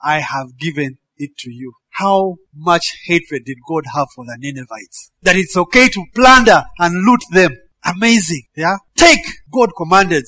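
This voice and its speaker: A man preaching a sermon, animated, breaking into shouted quoted commands and laughing between verses. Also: high-pitched, normal speed, no room sound.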